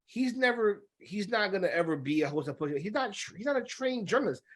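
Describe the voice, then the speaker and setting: Male podcast co-host; high, very animated delivery, opinionated and riffing. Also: a little fast. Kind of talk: casual chat.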